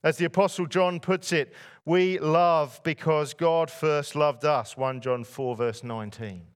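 A man with a fairly high voice preaches a sermon in a church. He speaks to a congregation and keeps asking them rhetorical questions. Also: steady tone, unhurried, clear, resonant tone. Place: church before a masked congregation.

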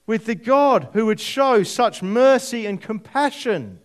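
A man preaching a sermon, reading scripture aloud and explaining it with deliberate, dramatic emphasis. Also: very high voice, animated. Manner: slow, deliberate, dramatic drops to near whisper on key words.

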